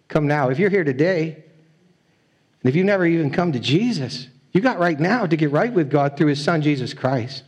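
A man's voice: on the high side, animated, normal speed, darkish tone, husky. A man preaching a sermon as a pastor, earnest and pleading, often repeating his phrases. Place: church.

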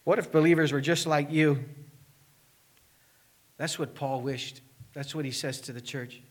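A man's voice: a little high, normal speed, pauses often. A man pastor preaching a sermon, asking his congregation one earnest question after another.

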